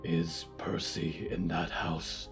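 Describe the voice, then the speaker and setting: Gentle stitched being, hushed and low, formal and earnest, as a male narrator puts it on. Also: slow pace, music in the background. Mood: soft, earnest. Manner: soft, quiet, formal speech without contractions.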